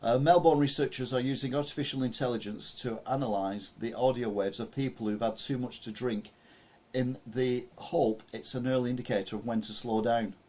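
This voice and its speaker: A man from the United Kingdom hosts a laid-back news podcast, reading stories while sharing his screen and chuckling, rambling and muttering asides. His mid-range, darkish voice is fairly quick with fairly even intonation.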